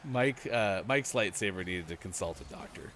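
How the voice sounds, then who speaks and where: A man's voice: low voice, moderate pace, slight background noise. A man co-hosting a morning gaming show, chatting casually while playing and reading out comments with lots of laughter. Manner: animated, laughing, reads out chat comments.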